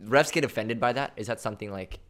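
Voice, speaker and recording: Mid-pitched man, volleyball player, asks in a halting, curious way. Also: a bit bright. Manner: questioning, halting restarts. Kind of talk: casual podcast chat.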